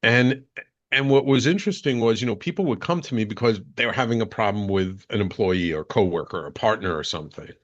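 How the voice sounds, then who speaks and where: Middle-aged male coach, interview guest; low, earnest storyteller who restarts often; muffled lo-fi audio. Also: brisk, a bit bright. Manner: earnest, reflective, thinks aloud with many restarts. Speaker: guest, business and life coach. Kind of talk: reflective personal storytelling in an interview.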